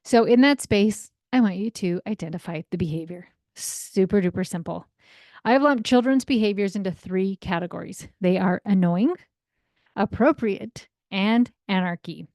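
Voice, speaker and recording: A lively woman in her thirties coaches parents on her podcast, chatty and animated. Her voice sits at a middle pitch and sounds dry and close, with no room around it. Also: moderate pace, dry recording. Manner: energetic, chatty, acts out quoted voices. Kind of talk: solo podcast teaching.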